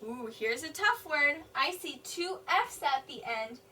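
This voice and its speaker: A woman kindergarten teacher reading a picture book aloud to young children, slowly explaining each sentence in simple words. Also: sits high, lively intonation, bright, forceful tone, slight background noise. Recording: voice a bit distant from the mic.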